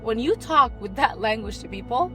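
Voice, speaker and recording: A young woman with a voice a little higher than most, talking through business advice in a lively, expressive vlog style. She speaks from inside a car, and soft music plays faintly underneath. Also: moderate pace, poor audio. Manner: animated, expressive, shifts into playful voices. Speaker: business coach and content creator.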